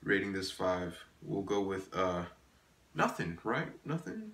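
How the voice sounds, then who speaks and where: A man's voice: lowish voice, animated, moderate pace, a bit bright, roomy sound. A man giving casual gameplay commentary, exasperated, swearing often and laughing at himself. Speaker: gaming YouTuber.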